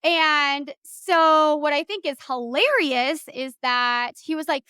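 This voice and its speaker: A young woman with a high voice hosts her podcast, recounting a story in a heated, cussing rant. She jumps between her own telling and quoted lines of dialogue. The sound is close and dry, with no room around it. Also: slow, few pauses, dry recording. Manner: animated and profane, acting out quoted dialogue. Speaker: podcast host.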